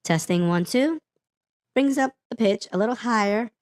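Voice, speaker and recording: A man's voice: expressive, normal speed, no echo, clean studio sound. A man testing a female voice-changer effect while reviewing audio gear, in a matter-of-fact, demonstrating way. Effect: female voice changer pitched up.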